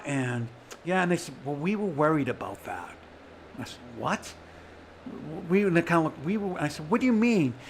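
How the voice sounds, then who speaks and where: A man telling a raw personal story straight to his audience, swinging between quiet stretches and shouting as he voices the people around him. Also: on the high side, slight background noise. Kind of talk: emotional personal monologue.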